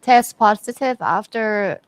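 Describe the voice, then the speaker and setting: A woman from Thailand with a Thai accent, co-hosting in casual chat and telling stories in simple, animated English. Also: medium pitch, slow, no room sound. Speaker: co-host.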